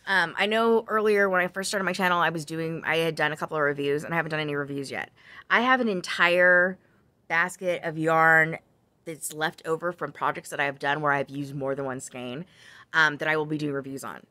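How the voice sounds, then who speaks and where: Woman crochet vlogger, low-ish bright voice, dry sound, rambling chat with tangents. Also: brisk, no echo. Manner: chatty, rambling with side tangents; frequent ums and self-corrections. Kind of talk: casual chat.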